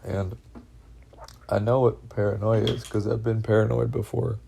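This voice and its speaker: A man telling of his own experiences in a halting, anxious monologue, full of fillers, restarts and swearing. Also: fairly low pitch, level tone, creaky, warm tone, a little hiss or hum. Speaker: vlogger recounting personal experiences. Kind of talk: rambling first-person monologue.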